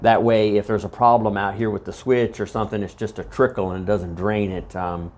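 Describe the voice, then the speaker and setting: Halting homesteader man explaining his setup. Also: fairly low pitch, steady tone, darkish tone, slight background noise. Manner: rambling, halting, with frequent uhs and self-corrections. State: out of breath. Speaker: homesteader showing a project. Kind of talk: casual how-to walkthrough. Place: outdoor homestead fodder house. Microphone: handheld microphone.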